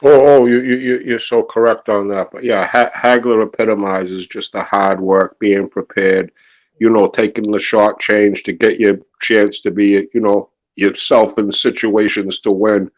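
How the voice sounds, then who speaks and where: A man's voice: on the low side, level tone, unhurried, highs cut off. Rambling New man calling in. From Maine, USA. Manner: effusive and rambling, repeats words. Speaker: guest caller. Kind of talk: casual chat.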